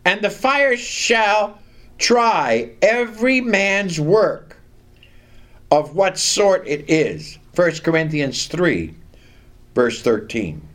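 Male preacher, high and lively voice, slow deliberate sermon delivery with scripture reading. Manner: reads scripture aloud and has the congregation repeat lines; slow, deliberate emphasis on key words.

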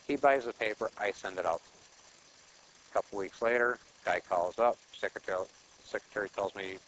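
A man's voice: sits low, fairly quick, a bit bright, slight background noise, low-quality recording. A man giving a conversational sermon, telling a story in a plain voice and repeating short exhortations. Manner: storytelling, acting out dialogue in plain voice; repetitive, exhortative phrasing. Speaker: preacher.

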